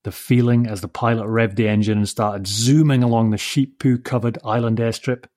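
A man hosting a podcast who reads a story aloud in a slow, measured, reflective way. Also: mid-range voice, fairly even intonation, darkish tone.

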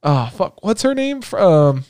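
Excitable young man joking around. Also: high voice, unhurried, clear, resonant tone, dry recording, studio quality. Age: young adult. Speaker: podcast co-host. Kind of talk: casual chat.

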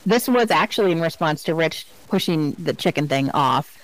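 A woman co-hosting a podcast, chatting casually and telling animated, funny stories. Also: low voice, normal speed, low-quality recording. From Virginia, US. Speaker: podcast co-host. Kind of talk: casual chat.

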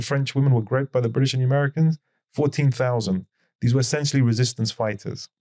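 Emphatic lecturing man, fairly high voice. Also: a little mellow. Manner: emphatic, lecturing, many rhetorical questions. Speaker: podcast guest. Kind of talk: conversational podcast lecture.

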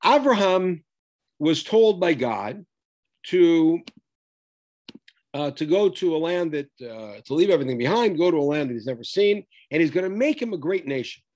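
A man's voice: a little high, sing-song, normal speed, darkish tone. A man teaching a Bible text study, reading Hebrew verses aloud and then explaining them with emphasis.

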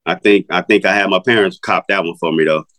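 A man's voice: low voice, fairly even intonation, quick pace, fairly bright tone, no echo. A man in his fifties, a music artist talking as a guest in a casual interview, laid-back and slangy, laughing often. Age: 50s.

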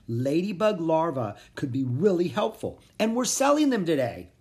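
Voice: mid-range voice, big pitch swings, moderate pace, a little mellow, voice pushed up, natural voice. A reader doing a friendly gardening expert woman.

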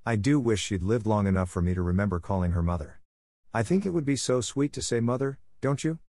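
A man's voice: fairly low pitch, expressive, brisk, a little mellow, no room sound, clean studio sound. A man reading the part of an eager, dreamy eleven-year-old orphan girl in an audiobook, in a gushing way.

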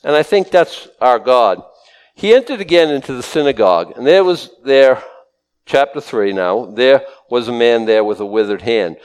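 Man, middle-aged, pastor, conversational sermon, animated, voice leaps up when excited. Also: medium pitch, normal speed, smooth.

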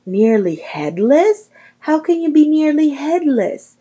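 A woman's voice: medium pitch, moderate pace, a little mellow, close to an everyday voice. Woman reading as an eager, curious schoolboy.

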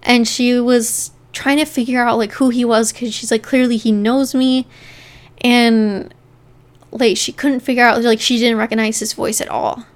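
Smooth-voiced woman telling a story casually. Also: on the high side, level tone, normal speed. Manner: chatty, leans on "like" while narrating. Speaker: podcast co-host telling the story. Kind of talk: casual true-crime storytelling.

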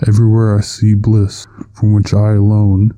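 A man's voice: lowish voice, monotone, moderate pace, mellow, dry recording, close to an everyday voice. A man voicing a huge, anguished male creature who speaks in solemn, archaic formal language. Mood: pleading.

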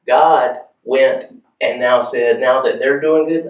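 A pastor delivers a sermon slowly in a church hall, his mid-range voice fairly even in intonation and picked up off-mic from a distance in an echoey room. He keeps it conversational, regularly asking listeners if they're following.

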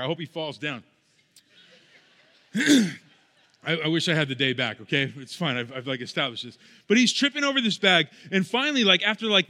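A young man gives a sermon from the pulpit, telling stories in a relaxed, self-mocking way. His voice sits high and sounds bright and forceful. A long hall reverb hangs behind every phrase. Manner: conversational, self-deprecating storytelling. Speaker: pastor. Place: church sanctuary.

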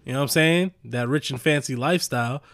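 A man's voice: medium pitch, quick pace, gravelly, a bit bright. A man co-hosting a podcast, laughing easily and telling joking stories in casual chat. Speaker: podcast co-host.

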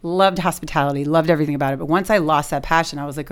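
A woman's voice: low voice, racing, clean tone. A woman guest in an office, chatting in a casual podcast interview, upbeat and laughing often. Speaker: podcast guest, real estate agent.

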